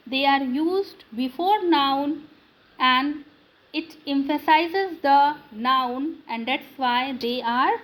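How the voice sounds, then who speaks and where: Woman grammar teacher, non-native English; high, measured delivery that asks then answers its own questions. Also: rough recording. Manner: slow, drilling questions and answers to students. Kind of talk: classroom grammar lesson.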